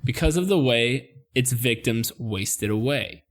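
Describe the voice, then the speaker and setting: A man co-hosting a casual podcast, easygoing and quick to laugh as he tells the story. His voice sits at a middle pitch, and he leans on plenty of fillers. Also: animated. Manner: laid-back, laughing, lots of fillers. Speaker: podcast host presenting the topic.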